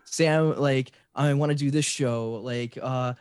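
A man's voice: mid-range voice, slow, clean tone, dry recording, clean studio sound. A man in his forties on a podcast, eagerly telling a story in casual chat, with frequent restarts. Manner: excited storyteller, many restarts. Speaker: podcast guest, fan site creator.

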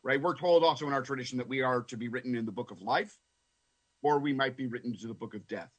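A man speaking as a rabbi co-host, earnest and halting, with many fillers and repeated words. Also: mid-range voice, breathy edge. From Canada. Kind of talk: casual radio talk.

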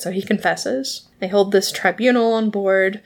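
A woman casually recapping a TV episode, laughing often and acting out the characters' lines in quick bursts. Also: medium pitch, steady tone.

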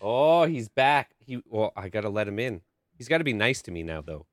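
A man's voice: on the low side, very animated, a little fast, no echo, studio quality. A man co-hosting a podcast in casual chat, laid-back and drawing out his phrases. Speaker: podcast co-host.

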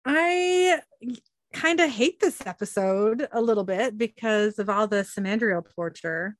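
A woman's voice: medium pitch, unhurried, no echo. A woman co-hosting a podcast, giving a casual recap of a show's plot and laughing often. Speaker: podcast co-host.

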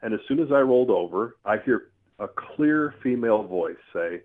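A man telling a personal story in a casual, earthy, animated way, with mild swearing. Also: on the low side, moderate pace. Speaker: storyteller guest. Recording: tinny phone-line sound.

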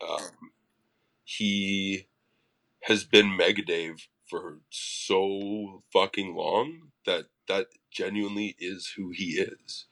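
Musician guy on a podcast telling stories, lowish voice, kinda sharp and punchy, swears a lot. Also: slow, gravelly. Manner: profane, animated storyteller. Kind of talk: casual interview storytelling.

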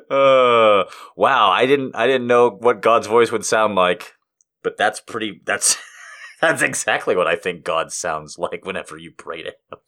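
A man's voice: on the low side, unhurried, sharp tone. A man hosting a podcast, delivering a rambling, profane comedic monologue. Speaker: podcast host.

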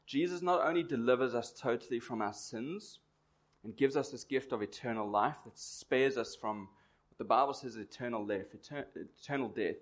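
A man from Durban preaching a sermon, telling stories and asking rhetorical questions in a conversational way. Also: medium pitch. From Durban, South Africa.

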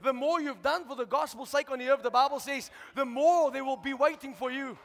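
A man preaching a sermon as pastor, shouting out to the congregation and asking for responses. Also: very high voice, brisk. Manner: preaching with rising shouts and call-outs to the congregation. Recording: long hall reverb.

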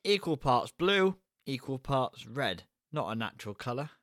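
A man co-hosting a casual podcast, wry and joking as he talks. His voice is mid-pitched and sounds dry and close. The delivery is relaxed banter. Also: normal speed, no echo. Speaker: podcast co-host. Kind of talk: casual chat.

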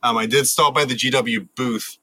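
A man's voice: medium pitch, fairly even intonation, bright, forceful tone, no room sound. A man hosting a casual tabletop gaming podcast, joking around and reading out chat comments. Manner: joking, quick asides, lots of ums. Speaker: podcast host.

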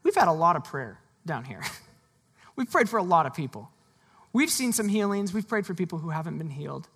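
Husky, laughing conversational preacher. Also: mid-range voice, big pitch swings, brisk. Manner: conversational, laughs often, acts out the people in the story. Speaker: pastor. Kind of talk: sermon.

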